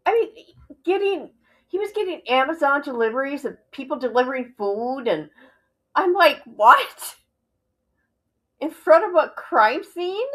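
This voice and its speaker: Woman livestream host, slightly high voice, casual reaction commentary full of exclamations. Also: poor audio. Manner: exclaiming, laughing in disbelief.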